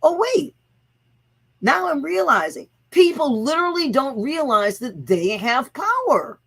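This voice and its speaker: A woman's voice: sits high, sing-song, a little slow, fairly bright tone, rough recording. A woman hosting her own livestream, talking bluntly and profanely, chanting repeated slogans to rally her viewers. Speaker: host of own channel. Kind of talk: livestreamed motivational rant.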